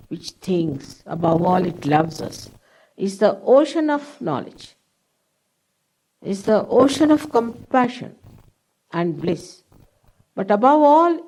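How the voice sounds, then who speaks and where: An older woman leading a guided meditation at a public program, giving slow, deliberate instructions with long pauses. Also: mid-range voice, darkish tone, poor audio. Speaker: meditation teacher. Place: public hall.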